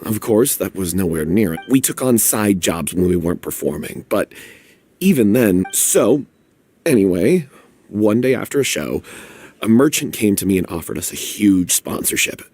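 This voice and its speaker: A weary, evasive troupe member. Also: male voice, fairly low pitch, very animated, normal speed, darkish tone, slightly rough. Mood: recounting. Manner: hesitant, evasive, then explaining. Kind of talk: video game dialogue.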